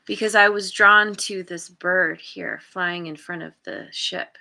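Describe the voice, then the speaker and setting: A woman's voice: on the low side, steady tone, a little slow, creaky, sharp tone. A woman giving a live tarot reading and thinking aloud, meandering and often restarting as she searches for words. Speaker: tarot card reader.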